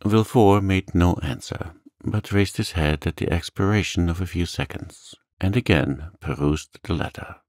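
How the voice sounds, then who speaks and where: Deep, gravelly, calm male narrator. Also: a little slow, few pauses, no echo, clean studio sound. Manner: calm, soothing. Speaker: audiobook narrator. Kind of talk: soft-spoken sleep story reading.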